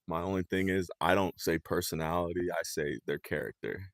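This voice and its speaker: Very deep, gravelly-voiced man. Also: fairly even intonation, brisk, no room sound, clean studio sound. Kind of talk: casual chat.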